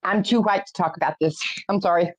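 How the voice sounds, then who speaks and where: An older grandmother chatting casually on a stream, chiming in with quick remarks. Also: lowish voice, no echo, rough recording. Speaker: guest on a stream. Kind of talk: casual chat.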